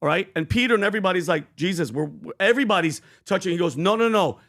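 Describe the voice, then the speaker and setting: A man's voice: high voice, lively intonation, very fast, vocal fry, a bit bright. A man co-hosting a podcast panel in casual chat, retelling scripture with fervent, preachy emphasis. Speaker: podcast co-host.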